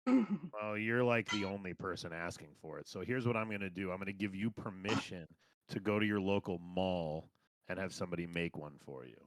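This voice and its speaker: A very low-voiced man answering fan questions over voice chat with dry, blunt sarcasm. The sound is close and dry with no room around it. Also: lively intonation, fairly quick, no room sound. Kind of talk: casual chat.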